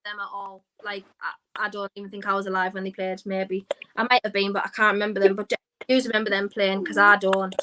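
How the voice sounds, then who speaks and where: A woman's voice: medium pitch, little pitch movement, fairly quick. A woman co-hosting a podcast, reading out viewer questions in a chatty, rambling way. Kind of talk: casual chat. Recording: noisy background.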